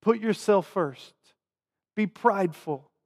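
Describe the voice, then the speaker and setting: Southern pastor preaching in a reverberant church. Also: male voice, slow pace. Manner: swings between loud emphatic preaching and quiet, low asides. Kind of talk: sermon. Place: church sanctuary. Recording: long hall reverb.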